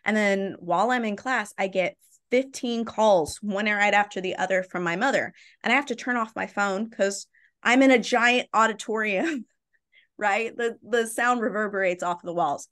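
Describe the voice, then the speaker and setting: A woman's voice: mid-range voice, normal speed. A young adult woman, a podcast guest, telling her own story candidly and tagging her points with "right?" and "like". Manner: animated, tags points with "right?" and "like".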